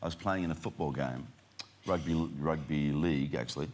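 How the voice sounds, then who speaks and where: A man's voice: rumbling low, a little fast, a little mellow. A man, a chat show guest, telling a punchy anecdote.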